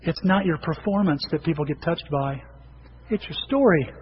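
Male pastor, middle-aged, high-pitched, conversational sermon, church hall reverb. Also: normal speed. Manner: conversational storytelling, acting out quoted people. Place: church sanctuary. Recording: dull reverberant hall recording with faint noise.

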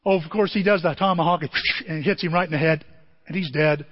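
A man preaching a sermon as pastor, telling a story with animated delivery and bursts of shouting. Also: fairly high pitch, quick pace, a little hiss or hum. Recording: dull lo-fi audio in a reverberant hall.

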